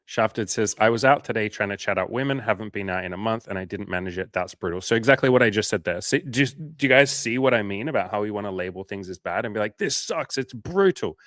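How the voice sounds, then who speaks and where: A man's voice: fairly low pitch, fast talker, hardly any pauses, fairly bright tone, dry recording, clean studio sound. A man hosting a coaching livestream in casual chat. He reads out viewer comments and answers them with blunt, profane, frank advice.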